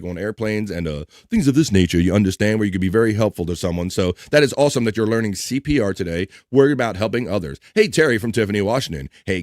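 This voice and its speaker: A man's voice: on the low side, darkish tone, dry recording, studio quality. A man hosting a live stream, chatting casually and reading viewer messages aloud in an upbeat way. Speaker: livestream host.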